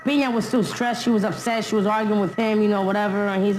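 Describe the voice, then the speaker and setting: A woman's voice: medium pitch, fairly even intonation, fast, darkish tone, poor audio. A woman retelling hard memories in a candid documentary interview, blunt and full of street slang.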